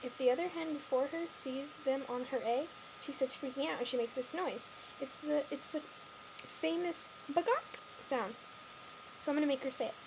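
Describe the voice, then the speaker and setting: A woman's voice: high-pitched, moderate pace. A woman vlogger chatting casually and playfully, explaining things to her viewers. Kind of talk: casual vlog chat. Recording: hissy recording with clucking hens.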